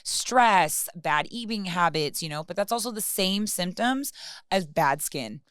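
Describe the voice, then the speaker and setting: A woman's voice: on the low side, expressive, unhurried, fairly bright tone, smooth, no echo, studio quality. A young woman talking frankly and with passion on a casual podcast, swearing freely. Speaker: podcast co-host or guest.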